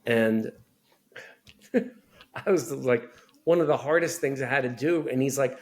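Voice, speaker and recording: A middle-aged man telling candid family stories as a podcast guest, animated, acting out voices of relatives. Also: mid-range voice, measured pace, long pauses. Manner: animated storyteller, acts out family members' voices. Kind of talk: candid storytelling conversation.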